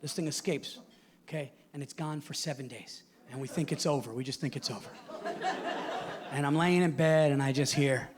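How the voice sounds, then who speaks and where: A man in his forties performing a stand-up set, telling stories animatedly and shouting his punchlines. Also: fairly high pitch, normal speed, very noisy. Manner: animated storytelling, shouting punchlines, acting out characters. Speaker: stand-up comedian. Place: theater stage before a live audience. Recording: live show with loud crowd laughter.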